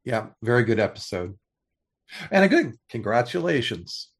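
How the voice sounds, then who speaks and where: An older man chatting casually as a podcast co-host, his voice sitting in an ordinary middle pitch. He pitches ideas eagerly, often restarting his sentences as he goes. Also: big pitch swings, moderate pace. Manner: enthusiastic, pitching story ideas with many restarts. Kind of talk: casual chat.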